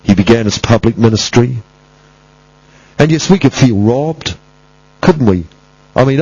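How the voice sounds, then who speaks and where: Male preacher, husky tone, emphatic and repetitive delivery, muffled lo-fi recording. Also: medium pitch, lively intonation, measured pace, pauses often, a little mellow, no echo. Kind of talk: sermon.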